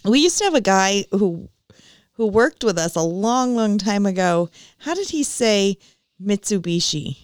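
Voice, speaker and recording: A woman co-hosting a casual chat, with quick teasing remarks. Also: mid-range voice, lively intonation, clean tone, no room sound.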